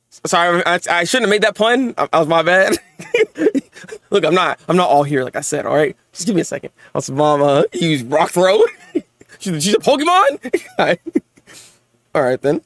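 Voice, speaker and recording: A young man hosts a live manga reaction and review, excitable and laughing, often stammering over repeated words. His voice is a little high at a normal pace, in a dry recording.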